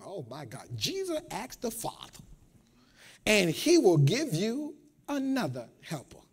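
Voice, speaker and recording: A man preaching a sermon to a congregation in a call-and-response style, repeating phrases and building up to shouts. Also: sits high, huge pitch swings, a little slow, breathy edge. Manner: repeats words, talks straight to the congregation. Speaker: pastor. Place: church.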